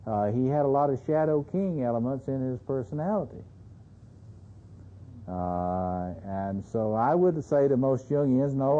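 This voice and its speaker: A man's voice: medium pitch, warm tone. A man giving a seminar lecture in a conversational way, often checking in with his audience. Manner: conversational, keeps checking in with "you see". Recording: dull lo-fi lecture tape.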